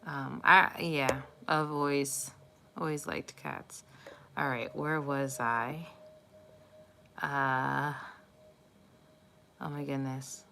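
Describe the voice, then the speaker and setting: A woman host chatting casually with viewers on a live stream, warm and cooing as she talks about cats. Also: extremely low pitch, steady tone, extremely slow, creaky, pauses often, slight background noise. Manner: chatty and affectionate, cooing baby talk at her cat. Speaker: tarot reader live streaming.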